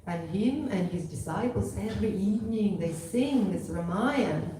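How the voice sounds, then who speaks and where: A woman's voice: mid-range voice, expressive, normal speed, dark tone, slight background noise, natural voice. A woman voicing a pair of timid, polite parrots who speak nervously. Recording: echoey hall from far off.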